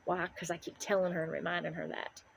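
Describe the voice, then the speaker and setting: A woman's voice: on the low side, level tone, quick pace, gravelly, a little hiss or hum, poor audio. A middle-aged woman ranting to the camera in an angry, profane, preaching way. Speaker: vlogger.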